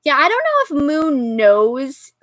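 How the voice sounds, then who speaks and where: A woman hosting a casual live-stream chat, talking loudly and laughing often. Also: high voice, huge pitch swings, slow, no echo. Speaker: podcast host.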